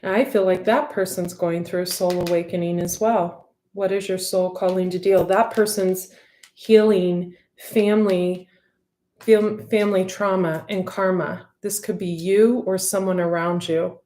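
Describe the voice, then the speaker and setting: A woman reads tarot for her audience in a loose, heartfelt way, full of filler words. Her voice sits a little low for a woman. The room around her is echoey. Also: steady tone, unhurried, mellow. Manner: rambling, heartfelt, many fillers. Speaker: intuitive tarot reader. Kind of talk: casual spoken intuitive reading.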